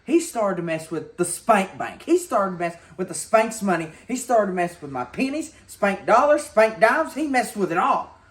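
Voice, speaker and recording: A man's voice: sits high, sing-song, normal speed, few pauses, a bit bright. A man doing a petty, boastful wrestler. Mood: smug. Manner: indignant, boastful, repeats himself. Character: indignant, money-obsessed male wrestler, boastful and petty. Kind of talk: comedy sketch acting.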